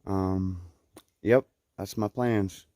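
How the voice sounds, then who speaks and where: A man's voice: low voice, steady tone, drawn-out words, noisy background. A man talking casually to viewers while hiking outdoors on a mountain, chatty with many ums, at times out of breath. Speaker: trail vlogger.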